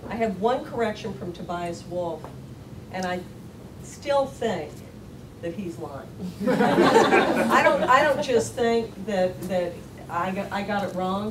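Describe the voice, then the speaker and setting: A woman memoir author talking casually on a panel, frank and salty, cussing freely and quick to laugh. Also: on the low side. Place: lecture hall at a public panel. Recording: distant, echoey, noisy hall recording.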